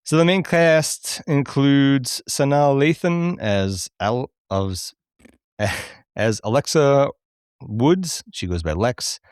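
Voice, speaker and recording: A man co-hosting a podcast, chatting casually about a movie and pausing often to find his words. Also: medium pitch, expressive, clear, resonant tone, dry recording, studio quality. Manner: hesitant, many fillers and restarts. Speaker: podcast co-host. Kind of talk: casual chat reviewing a movie.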